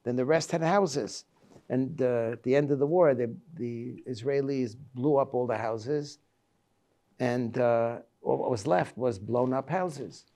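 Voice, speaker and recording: A man in his seventies, a rabbi giving a reflective Tisha B'Av lecture, telling personal stories in a halting way. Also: medium pitch, dark tone. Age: 70s.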